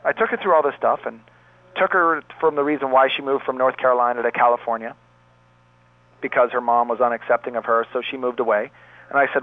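A man's voice: medium pitch, fairly even intonation, brisk, no room sound. A man who runs a pain therapy clinic, earnestly telling a long story from his practice as an interview guest. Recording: dry, tinny phone line.

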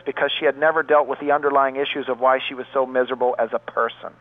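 A man's voice: medium pitch, fairly even intonation, quick pace, few pauses, no echo. A man who runs a pain therapy clinic, earnestly telling a long story from his practice as an interview guest. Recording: dry, tinny phone line.

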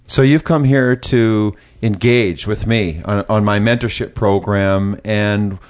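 A man's voice: lowish voice, slow. A man hosting an interview as a mentor, asking leading questions in an encouraging way. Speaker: host, mentor.

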